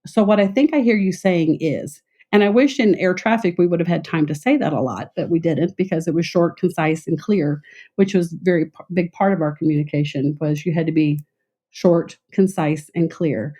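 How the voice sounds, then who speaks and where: A middle-aged woman from Texas with a light Southern accent, explaining her past work as a guest in an interview in a clear, concise, measured way. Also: low-pitched, mellow. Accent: light Southern American. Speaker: interview guest, former air traffic controller. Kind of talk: conversational interview.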